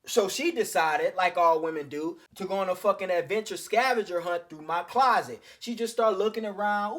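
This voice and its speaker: Male host, high-ish voice, blunt and slangy, casual dating-advice monologue. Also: fairly quick, hardly any pauses, a bit bright. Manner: blunt, slangy, profane, addresses listeners as fellas.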